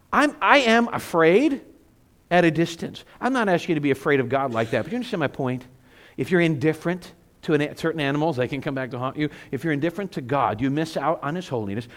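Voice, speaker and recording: Lively high-voiced male pastor preaching. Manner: animated storytelling with self-mocking humor. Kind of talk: sermon.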